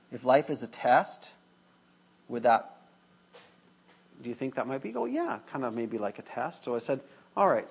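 A man's voice: medium pitch, gravelly, husky. Conversational male pastor preaching. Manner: conversational, acts out dialogue with students, jokes with congregation. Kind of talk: sermon with storytelling.

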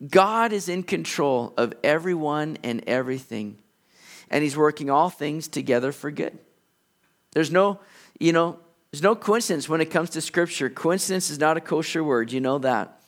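A male pastor preaching a sermon, retelling a story in an animated, conversational way. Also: fairly high pitch, normal speed. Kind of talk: expository sermon.

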